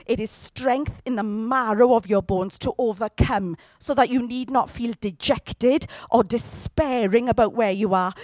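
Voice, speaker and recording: A woman preaches a sermon, throwing direct questions at her congregation as she goes. Her voice sits fairly high, and the sound is dry and close. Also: darkish tone, dry recording.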